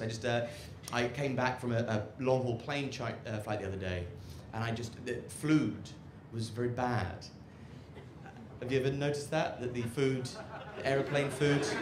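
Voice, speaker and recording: A man's voice: mid-range voice, background noise. A man doing a stand-up set on an outdoor rooftop, with a dry, ironic delivery full of fillers and halts. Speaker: stand-up comedian. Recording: echoey rooftop with loud crowd laughter.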